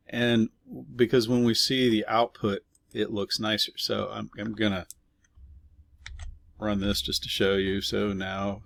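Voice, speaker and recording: A man's voice: on the low side, a bit bright, dry recording, studio quality. A man teaching a casual programming lesson, explaining step by step with fillers and offhand asides while typing. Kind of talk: casual screen-recorded coding lesson.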